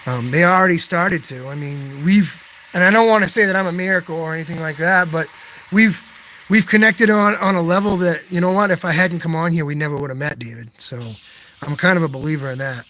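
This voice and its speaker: A man with a high, bright voice hosts a casual live stream, reading out and answering chat comments as they come in. He rambles and restarts, earnest and grateful, thanking viewers over and over. A faint noise sits under his voice. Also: brisk. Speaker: poet hosting a live stream.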